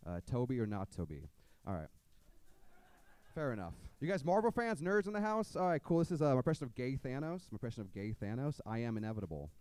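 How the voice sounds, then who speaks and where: Deadpan stand-up man. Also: on the high side, fast, clear, resonant tone, no echo. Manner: deadpan one-liners with mock-earnest impressions; sings comic songs to guitar. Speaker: stand-up comedian. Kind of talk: stand-up comedy with sung parody songs. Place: comedy club stage.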